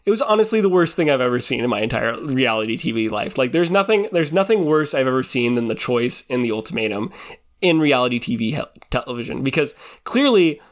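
A man's voice: medium pitch, animated, brisk. A young man recapping a reality TV show in casual chat. He rambles, leans heavily on filler words like "like" and "you know", and laughs often as he talks. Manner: laughs often while talking.

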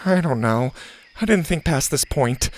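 A man voicing an anxious, excitable boy camper whose voice climbs when he gets worried. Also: a little high, a little slow, voice pushed up.

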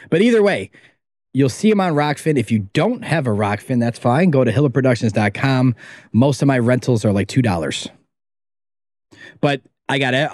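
A man speaking as a podcast guest in a medium-pitched voice. His delivery is emphatic and rambling, and he swears freely. The recording is dry and close, with almost no room sound. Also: a little mellow, no room sound. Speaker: documentary filmmaker guest. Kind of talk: casual podcast interview.

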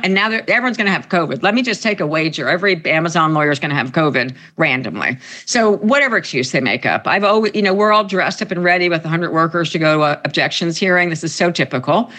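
A woman's voice: on the low side, bright, forceful tone. A woman union organizer answering interview questions in an emphatic way, often repeating her key points.

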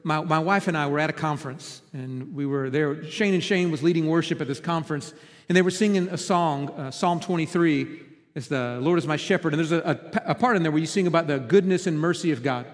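High-voiced pastor preaching in a hall. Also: male voice, fairly quick. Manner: personal storytelling, swings from loud and urgent to hushed. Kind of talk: sermon. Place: church hall.

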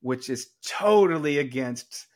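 A middle-aged man from Atlanta with a Southern accent, speaking as a guest on a podcast. His voice sits a bit higher than most men's. He tells stories in a lively way and acts out the people he quotes. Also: unhurried. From Atlanta, Georgia, US. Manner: animated storyteller who acts out quoted people. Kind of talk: conversational storytelling.

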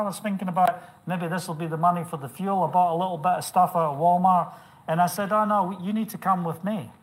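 A male preacher telling a personal story in a sermon, swinging from hushed to loud and impassioned. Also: high-pitched.

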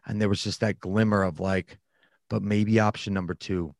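Man, low voice, frank and reflective storyteller, close dry mic. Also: steady tone, normal speed, dry recording. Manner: frank and reflective, with frequent restarts. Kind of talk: candid storytelling in a conversation.

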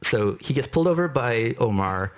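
A man's voice: mid-range voice, animated, normal speed, muffled recording, a little hiss or hum. A man co-hosting a casual podcast chat, recapping a story with many fillers. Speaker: podcast co-host.

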